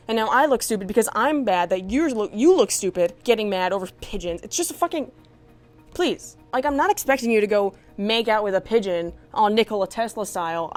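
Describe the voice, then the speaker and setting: A woman giving a comedic rant monologue, exasperated, swearing and animated. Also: a little high. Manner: profane, exasperated, animated ranting. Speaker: comedic commentator.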